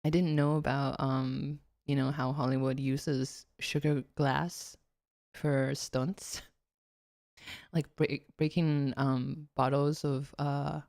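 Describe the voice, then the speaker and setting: Low, slow, giggly woman streamer. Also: vocal fry, a little mellow, no echo, clean studio sound. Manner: giggly, laughs often, rambling with fillers. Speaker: VTuber streamer. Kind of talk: casual watchalong commentary.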